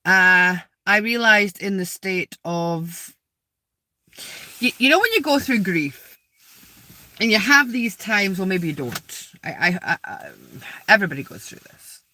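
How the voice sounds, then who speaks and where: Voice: medium pitch, lively intonation, measured pace, bright, forceful tone. A spiritual vlogger sitting outdoors in a graveyard, rambling casually to viewers, repeating words and asking them questions.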